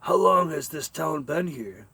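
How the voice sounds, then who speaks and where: A man's voice: a little high, expressive, a little slow, gravelly, bright, forceful tone, slightly rough, dry recording, pitched above the performer's own voice, heavily acted. A man voicing a bewildered spaceship captain who stammers and pleads with a stranger. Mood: pleading. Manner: uncertain and pleading. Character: flustered male spaceship captain, middle-aged.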